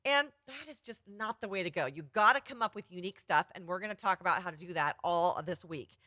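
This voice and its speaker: A woman's voice: lowish voice, a little fast, pushed and bright, no echo, studio quality. A woman photography business coach giving an upbeat, chatty live-streamed workshop.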